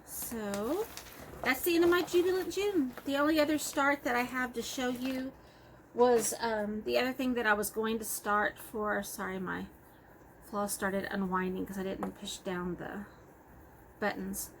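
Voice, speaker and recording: A woman's voice: medium pitch, fairly even intonation, a little slow, a little hiss or hum, rough recording. A woman with a Texas accent chatting casually about her cross-stitch projects, rambling and correcting herself as she goes. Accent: Texan. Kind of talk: casual show-and-tell chat.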